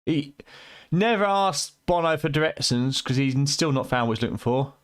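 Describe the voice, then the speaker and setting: A man's voice: fairly high pitch, lively intonation, normal speed. A man with a British accent chatting and joking with viewers during a late-night game stream, his voice tired and going, teasing and swearing freely. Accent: British English. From United Kingdom.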